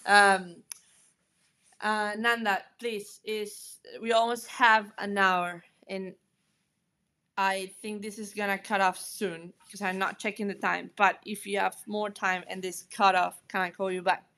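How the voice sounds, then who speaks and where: A woman hosts a relaxed interview and asks her guest about her past. She talks in a friendly way with frequent ums and restarts, at a medium pitch. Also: measured pace. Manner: friendly, asks questions with many fillers. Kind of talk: casual interview conversation.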